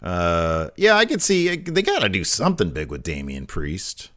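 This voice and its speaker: A man's voice: low-pitched, huge pitch swings, moderate pace, fairly bright tone. A man co-hosting a casual live show, reading viewer questions aloud and laughing often. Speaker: podcast co-host reading chat questions. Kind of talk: casual chat.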